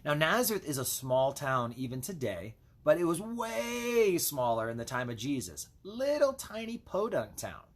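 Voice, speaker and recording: A man's voice: fairly high pitch, big pitch swings, moderate pace, hardly any pauses. A man as a pastor, giving a casual Bible devotional with chatty asides while he reads scripture.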